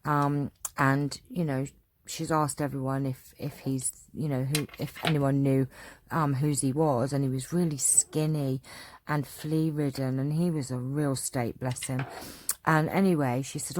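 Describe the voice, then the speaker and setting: A chatty English woman answers viewer questions in a relaxed, rambling way, full of fillers and asides. Her voice sits low. The sound is dry and close. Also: measured pace, no echo. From England. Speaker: craft channel host. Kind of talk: casual Q&A chat.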